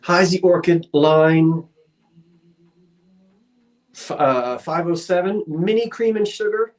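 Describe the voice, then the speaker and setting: Indoors in a shop, a live-sale host chats casually and rambles, adding self-deprecating asides while reading viewer comments and running countdowns. The voice is medium-pitched, slow, and a little mellow.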